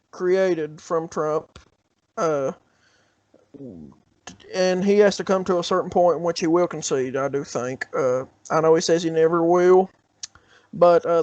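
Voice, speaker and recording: A man's voice: high voice, dry recording. A man co-hosting a podcast, chatting casually about politics in a rambling, hesitant way with frequent laughs. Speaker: podcast co-host. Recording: dry, dull lo-fi sound.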